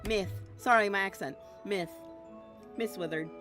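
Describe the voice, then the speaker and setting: A woman chatting loosely as she streams a game, giggling and hopping from one thought to the next. Her voice is bright and forward, and she mumbles little "yum" and "nom" sounds while she snacks. Faint music plays underneath. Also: lowish voice, moderate pace. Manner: rambling, giggly, jumps between topics. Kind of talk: casual gameplay chatter.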